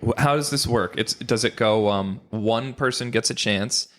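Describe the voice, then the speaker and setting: A man's voice: lowish voice, moderate pace, fairly bright tone. Dry, teasing man hosting a podcast. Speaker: podcast host. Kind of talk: casual podcast banter.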